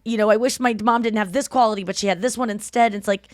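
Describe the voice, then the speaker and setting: A woman's voice: fairly high pitch, steady tone, fast talker, dry recording, clean studio sound. A woman in her thirties hosting a podcast, rambling casually and swearing freely with self-deprecating humor. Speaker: podcast host. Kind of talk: casual chat.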